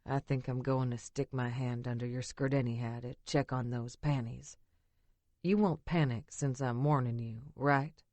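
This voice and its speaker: A woman voicing a rugged, possessive bearded man with a low rasping murmur, teasing and commanding in an audiobook. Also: fairly even intonation, moderate pace, a little mellow, no room sound.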